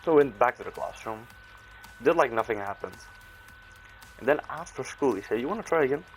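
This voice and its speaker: A young man with a medium-pitched, gravelly voice and lively intonation tells a casual, rambling story full of slang and restarts. He briefly acts out his own and others' lines in quick bursts, over faint music on a rough recording.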